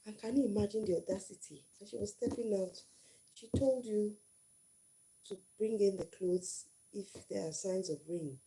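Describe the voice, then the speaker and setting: A woman's voice: mid-range voice, normal speed, dark tone. A middle-aged woman hosting her first livestream, telling a story and giving marriage advice in an earnest way, often repeating phrases for emphasis.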